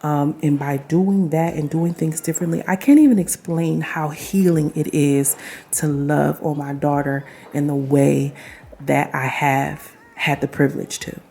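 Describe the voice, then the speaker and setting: A woman's voice: low-pitched, fairly even intonation, unhurried, gravelly, warm tone. A young woman talking casually to camera as a vlogger, chatty and affirming, speaking straight to her viewers with laughs and asides.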